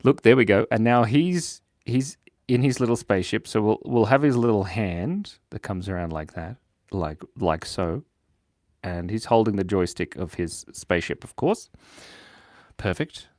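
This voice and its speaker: A man's voice: fairly low pitch, expressive, moderate pace, darkish tone, no echo, studio quality. A man hosting a casual drawing livestream, chatting playfully, reading viewer comments aloud and giggling often. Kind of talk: casual live-stream chat while drawing.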